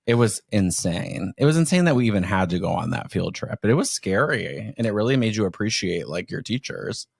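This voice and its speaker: Low gravelly-voiced podcast host. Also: male voice, fairly quick, dry recording, studio quality. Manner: rambling, animated storyteller. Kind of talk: casual chat.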